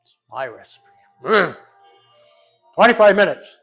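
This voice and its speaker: A man's voice: high voice, very animated, a little slow, vocal fry, fairly bright tone, husky, faint music behind. A middle-aged man from Rhode Island, rambling loosely and swearing as he makes a recipe in his home kitchen. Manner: rambling, profane, loose and jokey. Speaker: home cook vlogger. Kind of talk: casual cooking vlog.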